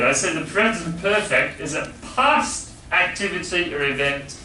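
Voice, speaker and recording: A man's voice: fairly high pitch, animated, unhurried, sharp tone. A man teaching an English grammar lesson to a classroom, patiently explaining and asking the class questions. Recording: echoey classroom, far from mic, background noise.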